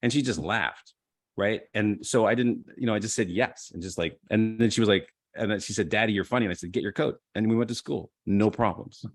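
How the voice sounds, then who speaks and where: Middle-aged male improv teacher, low voice, dry close sound, animated storyteller. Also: a little fast, no echo. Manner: animated storyteller, acts out quotes. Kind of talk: casual conversation. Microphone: video call.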